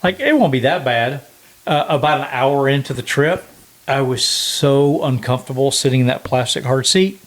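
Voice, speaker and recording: A man's voice: medium pitch, normal speed, a bit bright. A man co-hosting a casual podcast, chatty and laughing at himself as he tells travel stories. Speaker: podcast co-host. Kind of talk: casual chat.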